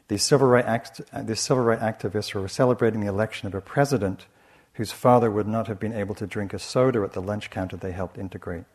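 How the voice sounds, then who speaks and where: Man, meditation teacher, dharma talk, gentle measured delivery, somewhat low voice. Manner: soft, measured and reflective, with frequent restarts.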